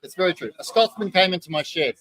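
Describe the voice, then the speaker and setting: An Australian man, a podcast host and craft distiller, telling stories in a jokey, lively way at a distillery bar. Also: sits high, quick pace, low-quality recording. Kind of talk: casual podcast storytelling.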